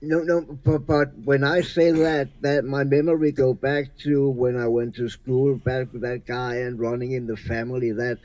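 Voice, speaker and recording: A man's voice: mid-range voice, level tone, normal speed, few pauses, darkish tone, poor audio. A middle-aged man chatting casually about music, reminiscing in a plain, easygoing way.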